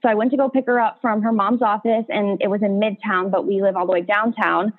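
A young woman chats in a casual podcast conversation, piling on "like" as her story rolls along. Her voice comes through narrow and tinny, like a phone line. Her pitch sits in a middle range. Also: fairly even intonation, brisk. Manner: chatty storyteller, heavy "like" filler. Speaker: podcast host. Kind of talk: casual chat.

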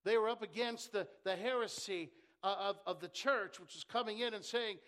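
A man preaching a sermon as pastor, swinging from impassioned shouts to near-whispers and calling on the congregation to answer. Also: high voice, moderate pace. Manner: impassioned preaching that drops to a hush; calls for congregation responses. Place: church.

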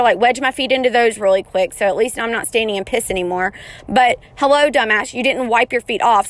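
A woman in her thirties telling an embarrassing story in a casual, chatty way, often poking fun at herself. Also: fairly high pitch. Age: 30s. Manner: chatty, self-mocking, animated retelling.

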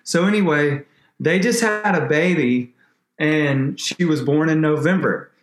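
A man, a podcast guest, telling an emotional faith story in a rambling, animated way with many restarts. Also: on the high side, unhurried, echoey room.

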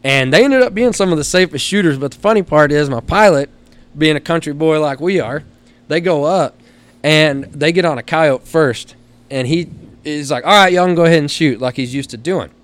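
A Texan man telling stories as a guest on a studio podcast, animated and blunt, laughing through his tales and cursing casually. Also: fairly high pitch, normal speed. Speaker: guest, helicopter hunting outfitter.

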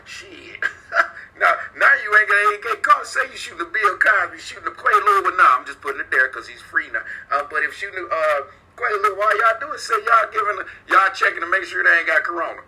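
A man's voice: high voice, poor audio. Brash, profane man hosting a call-in show. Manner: brash, profane, joking, shout-outs to listeners. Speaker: podcast host. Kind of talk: freewheeling call-in show monologue.

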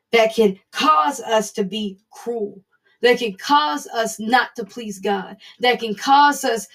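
A woman's voice: a little high, fairly bright tone. A woman giving an earnest, conversational devotional Bible teaching, speaking encouragingly as a Bible study teacher.

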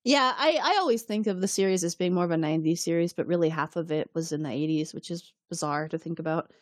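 A woman's voice: fairly low pitch, fast talker, dry recording. Woman, podcast co-host, sarcastic, swears, laughs a lot, dry close sound. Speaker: podcast co-host recapping episodes. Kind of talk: casual chat.

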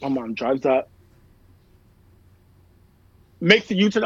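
A man's voice: medium pitch, lively intonation, moderate pace, no echo. A man in casual chat, telling stories in a rambling way, heavy on fillers and swearing. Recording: dull lo-fi sound, dry room.

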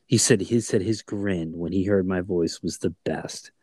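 A man's voice: deep voice, normal speed, dark tone, slightly rough, no room sound. A man co-hosting a podcast in casual chat, telling a story with many restarts and asides. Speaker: podcast co-host.

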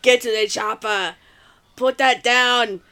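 A woman doing a gruff action-hero robot voice. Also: fairly high pitch, steady tone, takes it slowly, sharp tone, pitched below the performer's own voice. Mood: mock-menacing. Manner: breaks into laughter mid-line.

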